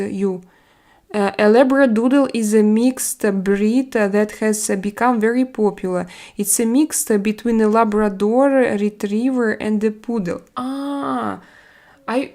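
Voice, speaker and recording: A middle-aged woman with a Russian accent and Russian as her first language, hosting a casual live-stream chat and answering viewers in halting speech full of fillers and restarts. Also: mid-range voice, gravelly, a little mellow. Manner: blunt and chatty.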